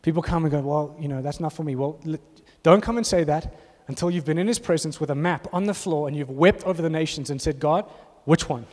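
Preacher in a reverberant hall. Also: male voice, on the high side, fairly quick, hardly any pauses, a little mellow. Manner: passionate, rising to emphatic bursts. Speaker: pastor. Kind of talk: sermon. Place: church auditorium. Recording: long reverb of a large hall.

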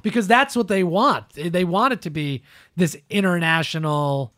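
A man with a fairly high voice argues his point in a casual, animated way, breaking into little quoted asides as he goes. He is recorded close and dry, with no room sound around him. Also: moderate pace, no echo. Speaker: podcast co-host. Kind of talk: casual political chat.

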